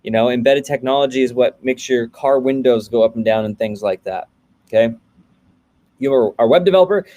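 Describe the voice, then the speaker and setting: A man's voice: medium pitch, fairly quick, warm tone, highs cut off. Casual male host, 30s, running a coding livestream and greeting viewers by name.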